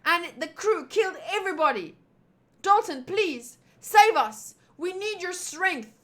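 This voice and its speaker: A woman's voice: extremely high pitch, lively intonation, measured pace, pushed and bright, voice pushed up, heavily acted. A woman voicing a panicked young male guard who pleads frantically for help.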